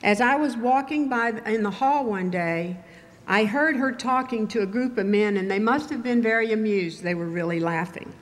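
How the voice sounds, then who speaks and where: An older woman from Texas giving a commencement speech, telling stories in a measured, wry way. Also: on the high side. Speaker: commencement speaker. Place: ceremony venue with audience.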